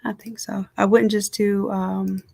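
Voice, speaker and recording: A woman design instructor giving a casual, chatty live software tutorial from home, talking straight to her viewers. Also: medium pitch, level tone, measured pace, creaky.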